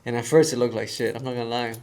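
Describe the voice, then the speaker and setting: A man telling a story in casual conversation, animated and acting out the voices of the people in it. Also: mid-range voice, rapid-fire. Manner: animated storyteller who acts out quoted voices. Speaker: guest.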